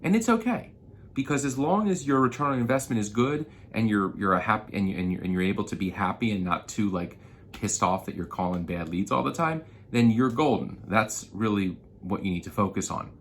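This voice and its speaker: A marketing consultant rants casually in a vlog, telling an animated, frustrated story to roofing contractors and venting with profanity. He speaks briskly in a fairly low voice.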